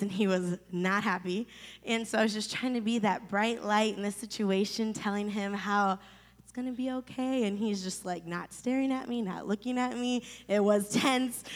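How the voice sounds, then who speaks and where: A young woman preaches with animated storytelling, her fairly high voice carrying a long reverb through the hall. She swings between quiet asides and acted-out outbursts. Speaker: pastor. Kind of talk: sermon.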